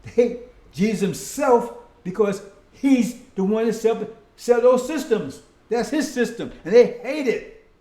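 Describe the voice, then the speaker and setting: A man's voice: extremely high pitch, animated, unhurried, warm tone, reverberant. A man preaching a casual, conversational sermon, often breaking in with "see?" and "right?".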